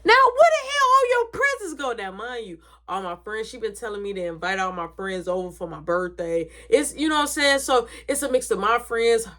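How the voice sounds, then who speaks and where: A woman's voice: mid-range voice, brisk, few pauses, a bit bright. A woman telling a story in a casual, dramatic way, swearing freely.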